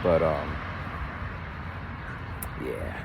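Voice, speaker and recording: A man who works as a teacher, telling stories in a casual chat while walking outdoors, mimicking other people's voices with big jumps in pitch. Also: very slow, creaky, noisy background. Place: outdoors on a street. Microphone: phone camera held while walking.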